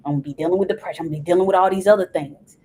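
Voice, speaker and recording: A woman's voice: lowish voice, very fast, a little mellow, slight background noise, rough recording. A woman guest on a podcast, talking earnestly and giving advice in casual conversation.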